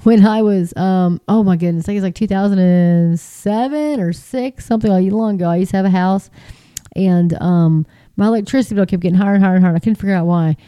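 A woman speaks in a very dark, mellow voice, sharing her faith in a chatty, emphatic, folksy way. The sound is dry and close, with no room around it. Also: mid-range voice, fast talker, smooth, dry recording. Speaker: Christian speaker. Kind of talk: casual testimony.

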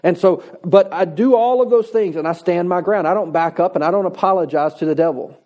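Male pastor, high-pitched, mellow tone, emphatic conversational sermon delivery. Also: a little fast. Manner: emphatic, conversational preaching with repetition.

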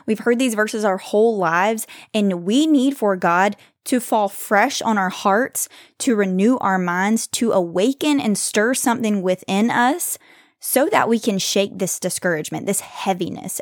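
A woman hosting a faith podcast, speaking earnestly and reassuringly, slowing down to stress scripture. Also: mid-range voice, no room sound, studio quality. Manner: earnest, reassuring, reads scripture slowly with emphasis. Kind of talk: devotional encouragement talk.

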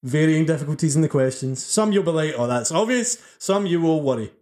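A man's voice: on the high side, lively intonation, fairly quick, darkish tone. A man hosting a wrestling podcast, chatting casually and joking and laughing often. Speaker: podcast host. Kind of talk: casual chat.

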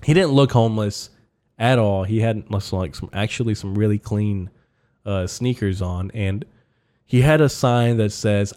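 A man's voice: on the low side, measured pace, mellow. A man hosting his own comedy podcast in a solo monologue, ranting and rambling, swearing freely with lots of fillers. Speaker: podcast host.

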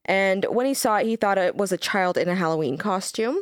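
A woman's voice: medium pitch, animated, a little fast, no echo, clean studio sound. A woman co-hosting a podcast, chatting casually and reading quoted passages aloud. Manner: laid-back, reads quoted passages aloud. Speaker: podcast co-host.

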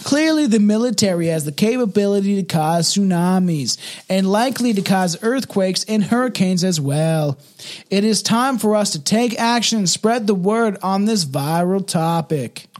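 Man, high voice, podcast co-host, reading aloud, trips over words, casual, drinking. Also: expressive, moderate pace, darkish tone. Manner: stumbling reader, frequent restarts and fillers. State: drinking scotch.

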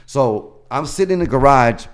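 A man's voice: medium pitch, lively intonation, moderate pace. A male comedian being interviewed, telling long profane stories in a casual, rambling way. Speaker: comedian guest.

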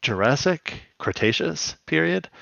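A man's voice: fairly high pitch, sing-song, a little slow, gravelly, fairly bright tone, no echo. Guy co-hosting a cartoon recap show, laughs a lot, kinda muffled dry recording. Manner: laughs often, recaps scenes in acted quotes. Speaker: podcast co-host. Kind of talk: casual chat.

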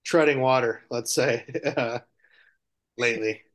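A man's voice: medium pitch, steady tone, measured pace, a bit bright. A man co-hosting a casual sports podcast, talking hesitantly with dry humor. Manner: hesitant, lots of fillers and restarts, dry humor. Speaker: podcast co-host.

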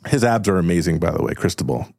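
A man's voice: deep voice, expressive, quick pace, creaky, darkish tone, no room sound, studio quality. A man hosting and narrating an improvised game in a casual, filler-heavy way. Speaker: host and game master.

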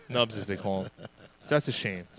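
Animated, profane man telling sports stories. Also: lowish voice, moderate pace, creaky. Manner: animated storyteller, profane, many restarts. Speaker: podcast co-host. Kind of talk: casual sports chat.

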